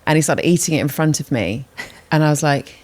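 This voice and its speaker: A British woman with a notably low voice, chatting as a podcast co-host. She tells stories with lively energy, acts out the quoted lines and laughs often. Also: a little fast. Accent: British English. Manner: animated storyteller who acts out quoted dialogue and laughs often. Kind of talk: casual chat.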